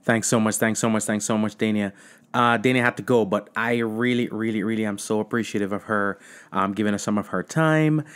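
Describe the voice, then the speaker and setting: A man's voice: fairly low pitch, brisk, a bit bright, smooth. A man hosting a podcast, thanking his guest effusively and repeating words for emphasis. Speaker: podcast host. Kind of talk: casual podcast sign-off.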